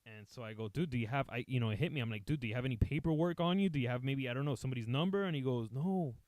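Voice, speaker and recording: A man's voice: medium pitch, rapid-fire, dry recording. A man telling a comic story in a casual, profane way, acting out what everyone said and slipping between English and Spanish. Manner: profane, animated, acts out quotes, switches between English and Spanish. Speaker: podcast host telling a story.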